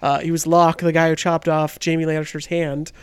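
A man with a fairly high voice talks over a movie he just watched, wandering off on cast trivia and swearing freely. The sound is dry and close-miked, with no room at all. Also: little pitch movement, moderate pace, smooth, dry recording. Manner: rambling, profane, trivia-heavy. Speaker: podcast co-host. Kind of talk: casual movie-review chat.

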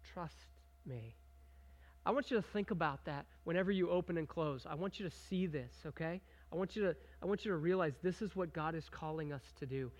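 A man with a fairly high voice preaches in an animated, conversational way. He reads scripture aloud with rising emphasis and keeps checking in with the congregation, asking questions and inviting them to join in. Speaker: pastor. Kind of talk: sermon.

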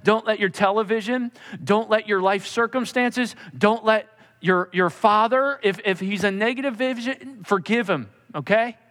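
A male pastor preaching a sermon, emphatic, dropping to a soft, intimate tone when he voices God speaking. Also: sits high, big-room sound.

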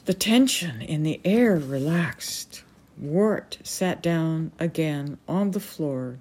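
A woman reading a novel aloud as a storyteller, measured and unhurried. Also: low-pitched, mellow.

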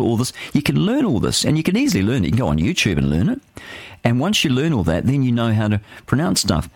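An older man chats his way through a breakfast radio show, rambling and opinionated, with plenty of restarts. His voice sits low. It is recorded dry and close on a studio microphone. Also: no room sound. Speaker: radio host. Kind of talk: casual talk radio monologue.

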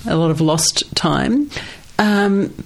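An Australian woman in her forties with a husky voice from a cold, telling animated stories in casual conversation as an interview guest. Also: on the low side, slow. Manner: animated storytelling, laughs often.

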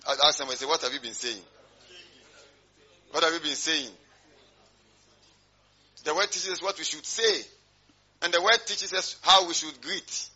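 A man's voice: fairly high pitch, pushed and bright, husky, dull audio. A male pastor preaching a sermon, emphatic and rhetorical, drawing call-and-response from his congregation.

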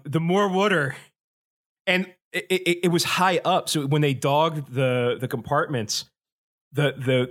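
A man's voice: on the high side, a bit bright. A man co-hosting a casual chat, rambling with lots of restarts and laughter, swearing freely. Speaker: podcast co-host.

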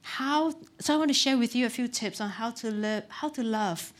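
A woman's voice: a little high, normal speed. A middle-aged woman pastor giving a conversational sermon, candid and self-deprecating, with frequent "um" and "you know.".

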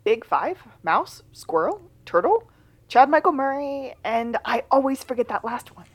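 A woman co-hosting a casual podcast recap of a TV episode, moving between high excited bursts and low asides. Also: measured pace. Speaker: podcast co-host.

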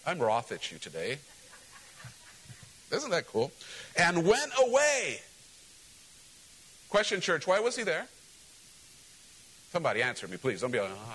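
A pastor preaching a sermon to his church, animated and direct, acting out quoted voices and calling questions to the congregation. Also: medium pitch, poor audio.

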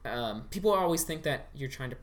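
A man's voice: medium pitch, animated, a little fast. Earnest man explaining things patiently. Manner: earnest, explains step by step with frequent ums. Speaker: podcast guest, former campaign staffer. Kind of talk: casual explanatory chat.

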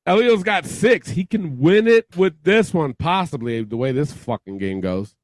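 Loud, profane high-voiced man hosting. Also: lively intonation, moderate pace, no room sound. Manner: profane, loud, exasperated ribbing. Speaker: podcast host running a quiz game. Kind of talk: casual podcast banter.

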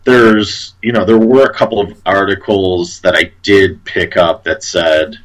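A man's voice: low voice, fairly even intonation, a little slow, low-quality recording. A man co-hosting a casual chat about a TV show, hesitant, with many fillers and restarts. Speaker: podcast co-host.

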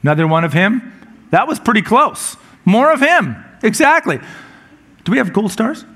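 Male pastor with a high voice, relaxed and joking sermon delivery, frequent word repeats. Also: moderate pace. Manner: conversational and humorous, with repeated words when restarting.

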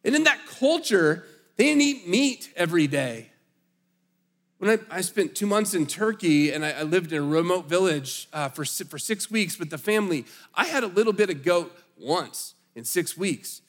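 A man's voice: fairly high pitch, moderate pace. Conversational male pastor in a reverberant hall. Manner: conversational, animated storytelling with slips and restarts. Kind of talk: sermon.

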